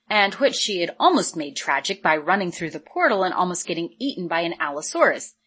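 A woman narrating an audiobook with a steady, measured delivery. Her voice sits a little low and has a soft, breathy, husky texture.

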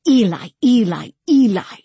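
A woman's voice: lowish voice, flat delivery, slow, a little mellow, dry recording. A woman doing a fierce big-cat beast. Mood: calling out. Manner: broken clipped speech, no articles.

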